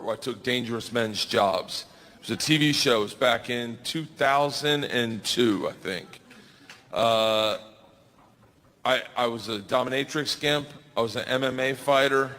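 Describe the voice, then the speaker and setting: Excitable male stand-up comic, echoey room. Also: medium pitch. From United States. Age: 40s. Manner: loud, excitable, acts out characters. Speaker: stand-up comedian. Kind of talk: stand-up storytelling. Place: live comedy stage. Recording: reverberant live room with background noise.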